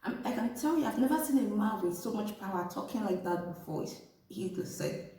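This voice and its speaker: A woman vlogger telling a personal story and giving relationship advice straight to her viewers, animated and talking to them as "ladies". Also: mid-range voice, fairly quick, a little hiss or hum. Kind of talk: casual storytelling to camera. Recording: echoey room, distant from mic.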